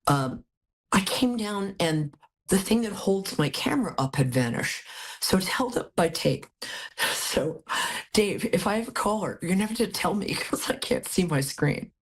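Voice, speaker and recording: A woman's voice: mid-range voice, animated, normal speed, slightly rough. A woman hosting a live call-in tarot reading, chatty and affectionate, a little out of it after a hospital stay. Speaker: psychic reading host.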